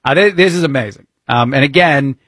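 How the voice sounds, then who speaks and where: A man's voice: medium pitch, brisk, fairly bright tone, no echo. A man with a New Jersey accent, hosting talk radio as a fill-in host. He speaks in an opinionated, wry, conversational way with frequent fillers.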